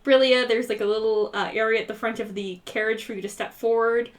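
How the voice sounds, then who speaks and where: A woman narrates a tabletop adventure as game master, her voice sitting a little high. She talks in a loose, chatty way, full of fillers and quick laughs. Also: steady tone. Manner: chatty, giggly, many fillers.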